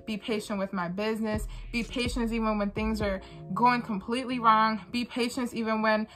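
Young female vlogger, bright and forthright, circles back on her points; candid talking-head delivery. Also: a little high, steady tone, normal speed, soft background music. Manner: earnest, repeats phrases for emphasis. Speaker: vlogger and small business owner.

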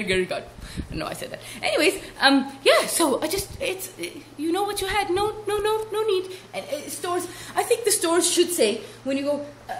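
A woman's voice: high voice, lively intonation, normal speed, fairly bright tone. A young woman rambling through a comedic vlog, playful and silly, with giggly asides. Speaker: vlogger. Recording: echoey room with faint hiss.

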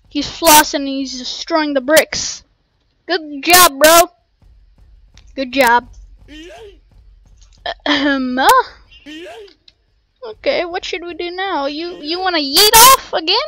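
A woman casually commentating her gameplay in an excitable, rambling way, full of playful slang, on a cheap home mic. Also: sits high. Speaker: gameplay streamer. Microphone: cheap desk mic.

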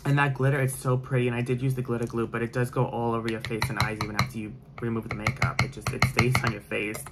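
A man's voice: mid-range voice, level tone, fast talker, heavy background noise. Chatty man ranting during makeup. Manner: chatty, opinionated, goes off on tangents. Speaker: beauty vlogger. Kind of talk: casual chat during a makeup tutorial.

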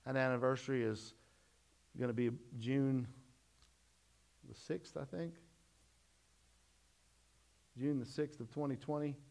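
A middle-aged man preaching a sermon, telling a personal story in a folksy way and swinging from loud to hushed. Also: medium pitch, vocal fry. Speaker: pastor.

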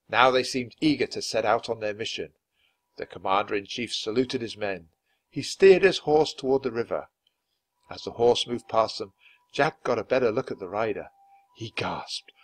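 Man reading a children's book aloud. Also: mid-range voice. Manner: clear, expressive, measured. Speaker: storybook reader.

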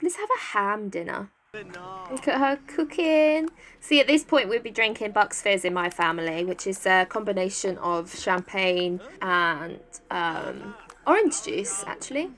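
An English woman chatting excitedly as she plays a life-sim game, cheering on and coaxing her characters. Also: on the high side, unhurried. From England. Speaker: gaming YouTuber. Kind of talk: casual let's-play commentary. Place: home, top-floor flat.

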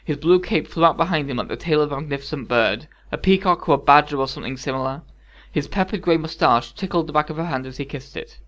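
Man narrating a story in a calm voice. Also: on the high side, quick pace. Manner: calm storytelling with wry asides. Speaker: audiobook narrator. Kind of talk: scripted narration.

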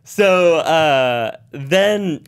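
Man, 30s, podcast guest, slightly high voice, animated storytelling, swears a lot, acts out quotes. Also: extremely slow, clear, resonant tone. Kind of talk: casual storytelling.

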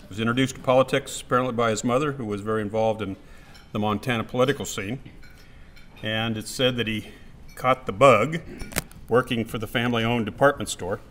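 A man's voice: mid-range voice, a bit bright. Man reading a speaker introduction. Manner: jokes lightly, then reads a prepared bio. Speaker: committee chairman introducing the speaker. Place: meeting room.

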